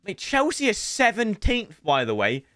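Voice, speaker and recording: A young man commentating his own football video game to viewers, sweary and excitable. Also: high-pitched, moderate pace, no room sound, studio quality. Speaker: gaming streamer. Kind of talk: live gameplay commentary.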